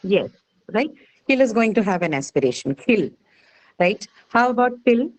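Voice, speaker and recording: A woman with an Indian English accent teaches a phonetics class. She explains rules step by step, pauses to quiz her students, and keeps checking in with "right?" and "okay.". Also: medium pitch, big pitch swings, rough recording. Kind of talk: classroom lecture.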